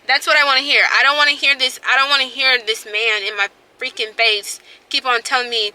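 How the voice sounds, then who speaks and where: A woman vlogging in a casual storytelling chat, emphatic and animated, repeating lines for effect and acting out what others said. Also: high voice, fairly quick, poor audio. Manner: animated, acts out others' words.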